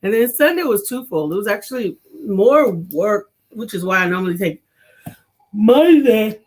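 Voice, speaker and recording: A woman's voice: medium pitch, expressive, moderate pace, husky. A middle-aged woman from New York, co-hosting a casual chat show, upbeat and chatty with frequent laughter. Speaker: podcast co-host.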